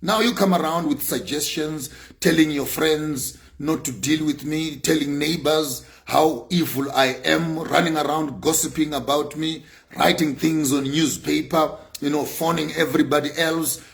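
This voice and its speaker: A man delivers an impassioned speech in a slightly raised, gravelly voice. He repeats his points for emphasis and climbs to forceful bursts. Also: a little high, fairly even intonation, moderate pace. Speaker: speaker on sanctions.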